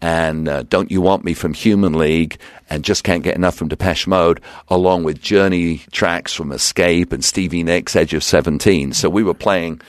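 A man's voice: sits low, normal speed, no echo, clean studio sound. A man, a radio DJ and guest, telling stories from his career in a casual interview and acting out the people he quotes. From England. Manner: animated storyteller acting out quotes.

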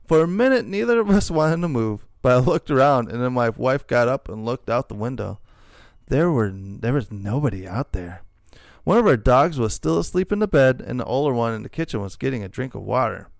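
A man's voice: medium pitch, lively intonation, brisk, vocal fry, dry recording, studio quality. A middle-aged man hosting a casual chat, reading posts aloud with joking asides and frequent laughter. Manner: laughs often, jokey asides. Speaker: podcast host reading stories.

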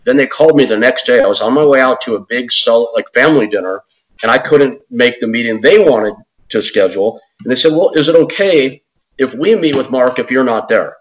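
An animated man with a medium-pitched voice tells a story casually, talking a little fast. An interview guest and podcast host, he acts out quotes in other voices and often says "man" and "dude." The audio is poor.

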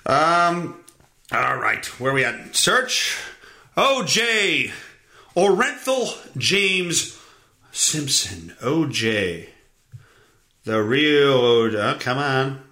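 A man's voice: medium pitch, very animated, extremely slow, long pauses, pushed and bright. A man hosting a solo podcast, ranting in a worked-up way and swearing often. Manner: profane, worked-up rant. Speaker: podcast host.

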